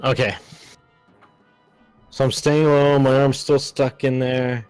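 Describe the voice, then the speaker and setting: A man's voice: mid-range voice, flat delivery, slow, a little mellow, clear, resonant tone, dry recording, faint music behind. Unsure guy in a tabletop game, dry close mic. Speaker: player.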